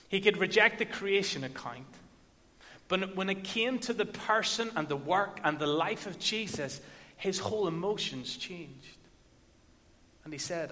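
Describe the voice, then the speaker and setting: A man preaching a sermon, telling a story and building to forceful emphasis. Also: fairly high pitch, unhurried. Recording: echoey hall with long reverb.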